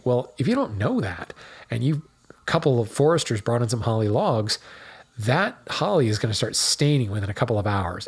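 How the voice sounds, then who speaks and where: A man with a husky, mid-pitched voice hosts a show in a relaxed teaching tone. He talks things through step by step, with asides and the odd restart. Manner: conversational, explains step by step with asides and small restarts. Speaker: woodworking show host. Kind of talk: casual educational talk.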